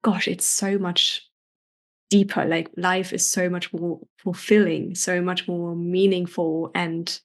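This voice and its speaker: A woman's voice: on the low side, little pitch movement, slow. Earnest woman coach talking with many fillers. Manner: earnest, heavy use of "like" fillers. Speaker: coach and podcast guest. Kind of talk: casual conversational interview.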